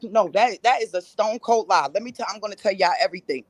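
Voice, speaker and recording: A woman's voice: medium pitch, expressive, moderate pace, no room sound. A woman calling in by phone to a live panel, angry and defensive, swearing as she tells her side. The line is dry, with no room around her voice. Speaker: panel guest. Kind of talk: heated call-in chat.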